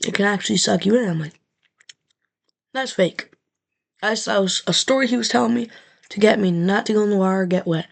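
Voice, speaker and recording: A woman's voice: medium pitch, fast, gravelly. A young woman vlogger telling a rambling, profane story straight to her camera, full of fillers.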